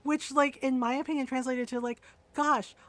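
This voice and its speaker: A fairly high-pitched woman talks casually to her stream while she plays. She is animated and quick to laugh, and she rants freely in between. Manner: chatty, animated, laughs often, ranting asides. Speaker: gaming streamer.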